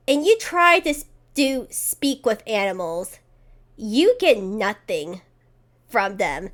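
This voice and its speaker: A woman running a tabletop game as game master, often pausing to search for words. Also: on the high side, big pitch swings, a bit bright. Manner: hesitant, searches for words, fills with "say".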